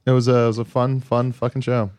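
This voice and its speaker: A man's voice: mid-range voice, level tone, fast talker, a little mellow. Laid-back swearing male co-host. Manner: laid-back, repeats words, swears casually. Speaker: podcast co-host. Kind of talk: casual chat.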